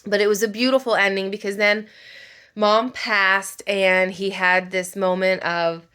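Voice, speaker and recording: A woman's voice: medium pitch, little pitch movement, unhurried, pushed and bright, clean tone. A woman, a mother, chatting casually about a book while doing her makeup, emotional and rambling, full of filler words. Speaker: book vlogger.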